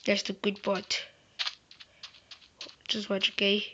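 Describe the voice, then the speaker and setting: Playing a game, a woman who hosts a gaming channel chats and jokes in a meandering way. She speaks slowly with long pauses in a mid-range, sharp voice, and the audio sounds a bit muffled and faintly hissy.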